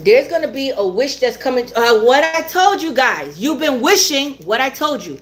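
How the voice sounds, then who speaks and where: Very animated and high-pitched, a woman reads tarot at normal speed over slight background noise. She's blunt and repetitive, laughing frequently and cursing from time to time.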